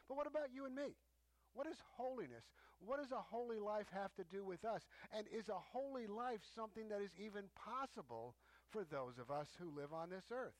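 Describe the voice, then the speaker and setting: A man preaching a sermon as a teaching, emphatic, stressing points with rising pitch. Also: dry recording.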